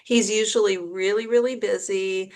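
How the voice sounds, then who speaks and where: A woman's voice: medium pitch, moderate pace. A middle-aged woman casually telling a personal story to camera, acting out the people in it. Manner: animated, acts out quoted dialogue with gasps and laughs.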